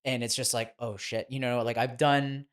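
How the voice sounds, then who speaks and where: A man in his thirties, a podcast guest, telling stories in a chatty, animated way and laughing as he goes. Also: mid-range voice, normal speed, smooth. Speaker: guest, former child actor turned boxing trainer. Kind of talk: casual podcast storytelling.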